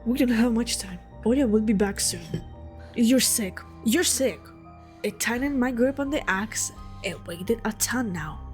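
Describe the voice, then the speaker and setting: A woman's voice: a little high, moderate pace, faint music behind. Chatty young woman streamer. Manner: chatty, excitable, talks back to the game. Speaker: gamer streamer. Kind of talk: let's play, reading dialogue aloud.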